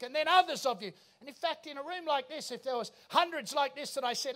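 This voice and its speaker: Man, pastor, very high voice, emphatic sermon, church auditorium. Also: fairly quick, few pauses. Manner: emphatic preaching, rising to shouts.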